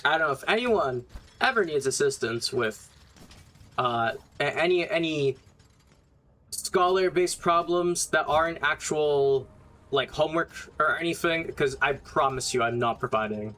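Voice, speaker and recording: A man's voice: on the high side, measured pace, sharp tone. A young man casually commenting while streaming a game, blunt and rambling, swearing often.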